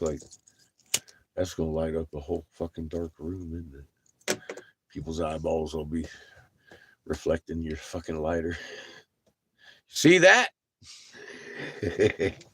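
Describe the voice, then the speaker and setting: A man's voice: a bass voice, little pitch movement, unhurried, pauses often, background noise. A man ranting profanely to his viewers in a rambling monologue, laughing between lines. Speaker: livestreamer.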